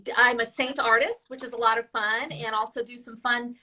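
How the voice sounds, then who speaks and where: High, bright woman in her fifties. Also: steady tone, a little fast, far from the mic. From Idaho. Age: 50s. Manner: cheerful, eager. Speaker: blogger and artist. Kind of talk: casual live video chat. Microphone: video call.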